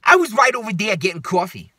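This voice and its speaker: A man's voice: high-pitched, big pitch swings, fast, sharp tone, husky, no echo, studio quality, voice pushed up, exaggerated voice. A man doing a whiny old New York woman. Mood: indignant. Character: indignant older woman customer, whiny.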